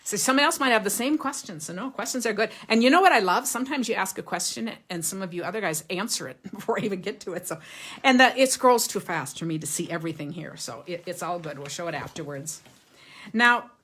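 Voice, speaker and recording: A woman's voice: mid-range voice, expressive, quick pace, a bit bright, breathy edge. A woman hosting a live craft stream, chatting casually with viewers, showing greeting cards, laughing often and reading comments aloud. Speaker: card-making livestream host.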